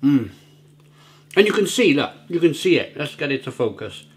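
A man's voice: a little high, big pitch swings, moderate pace. Chatty male food vlogger. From Britain. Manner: chatty, rambling, repeats words. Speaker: food and beer reviewer. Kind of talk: casual review vlog. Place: at home, near the grill.

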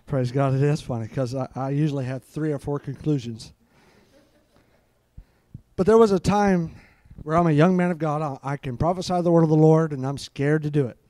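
A man's voice: on the high side, moderate pace, warm tone, dry recording. A middle-aged man preaching a live sermon, fervent and peppered with hallelujahs.

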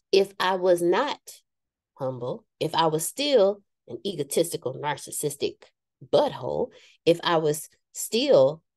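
A woman's voice: fairly low pitch, a little mellow, no room sound, clean studio sound. A woman giving a frank, self-deprecating motivational talk to a live group, sometimes acting out the voices she quotes. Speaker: speaker addressing a live group.

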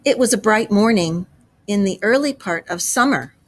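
A woman teacher reading a storybook aloud to a class, expressive, with chatty asides. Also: medium pitch, normal speed.

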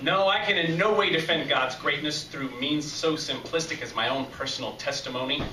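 A man's voice: fairly high pitch, normal speed, background noise. A man performing an essay on stage, telling a story in a folksy, preacher-like way to a live audience. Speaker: reader at a live essay competition. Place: live reading venue with audience. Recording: echoey live club from a distance.

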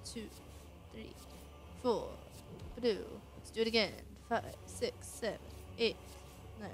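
Woman, let's-play host, slow, easygoing delivery, swears casually, faint game music behind. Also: on the high side. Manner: counting aloud, swears, bursts of excitement. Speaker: gaming channel host.

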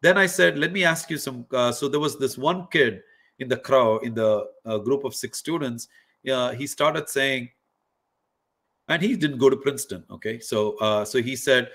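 A man's voice: medium pitch, normal speed, a bit bright. A middle-aged man, a professor hosting an interactive online lecture for students, telling stories animatedly, putting questions to his listeners and using many fillers. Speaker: workshop host and professor.

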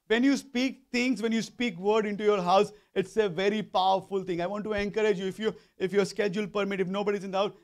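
A male pastor preaching a sermon, often repeating phrases and asking the congregation questions. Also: high-pitched. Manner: repetitive, call-and-response questions to congregation.

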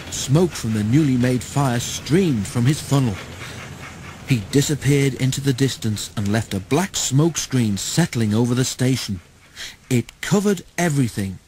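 A man reading a children's train storybook aloud in an expressive way. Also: medium pitch, husky, poor audio.

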